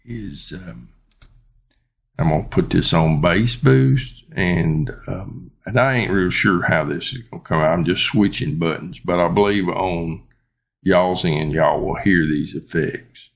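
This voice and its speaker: A man giving a casual microphone review, rambling and unhurried with many ums and uhs. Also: low-pitched, vocal fry, breathy edge. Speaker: YouTuber reviewing his microphone. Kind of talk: casual unboxing and product review.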